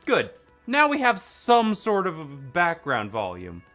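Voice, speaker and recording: A man gives casual let's play commentary in a bright, lively voice. He talks slowly and swears freely while cracking jokes. Faint music plays behind him. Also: on the high side. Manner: animated, jokey, swears often. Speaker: gaming channel host.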